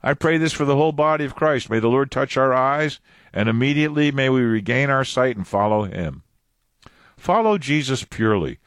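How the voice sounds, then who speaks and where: A man's voice: mid-range voice, a little fast, fairly bright tone, no echo, studio quality. A man preaching a Bible sermon, repeating and stressing phrases as he explains the text.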